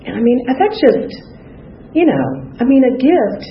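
A woman's voice: high voice, very animated, measured pace. Candid woman sharing her recovery story. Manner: candid, conversational, frequent "you know". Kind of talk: personal testimony. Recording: dull, echoey, faintly noisy room.

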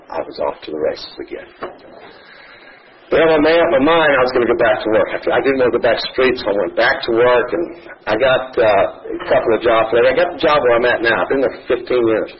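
A middle-aged man giving a personal testimony at a podium, telling his story in an earnest, halting way. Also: medium pitch, expressive. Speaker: speaker sharing his recovery story. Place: meeting room at a podium. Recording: muffled lo-fi recording with faint hiss.

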